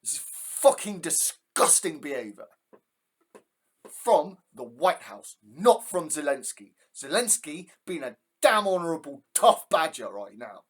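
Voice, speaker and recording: A man's voice: very animated, measured pace, slightly rough. A man giving an angry, profane reaction commentary, stumbling over his words with rage. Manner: furious, profane ranting, pitch jumping sharply. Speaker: reaction video host.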